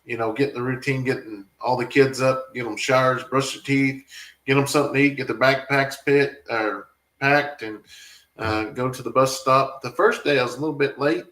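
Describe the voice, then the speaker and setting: A man's voice: medium pitch, moderate pace, fairly bright tone. Farm vlogger, man, emotional and rambling, reading viewer chat in an echoey room. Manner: rambling, emotional, talks back to viewer comments. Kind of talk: casual live-stream chat.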